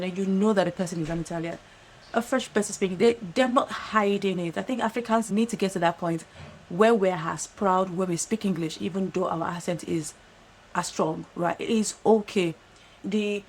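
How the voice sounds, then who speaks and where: A woman with a Nigerian accent giving earnest, fast-talking advice straight to camera, often checking in with "right?". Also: mid-range voice, a little hiss or hum, poor audio. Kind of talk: direct-to-camera monologue. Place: lives in London.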